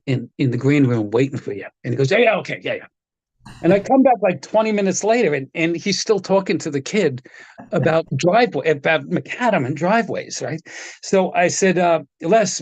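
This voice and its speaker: A man's voice: on the high side, a little mellow, dry recording. A man telling casual anecdotes as a guest on a video-call chat, acting out the people he quotes and laughing often. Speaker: guest, guitar tech. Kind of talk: casual storytelling.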